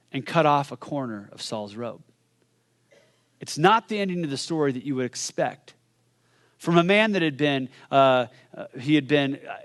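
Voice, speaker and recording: A man preaching a sermon as pastor, retelling a story with animated energy, restarting phrases and dropping low and quiet for solemn moments.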